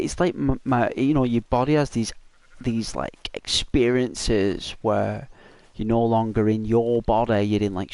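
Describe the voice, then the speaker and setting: A man, gently consoling someone in a rambling, halting way full of fillers. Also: on the low side, no echo. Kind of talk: consoling casual chat.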